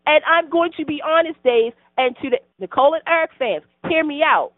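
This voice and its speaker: Woman rambling earnestly about soaps, a bit high, tinny phone sound. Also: brisk, no room sound. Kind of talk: casual soap opera recap chat. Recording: tinny phone-like line, dry.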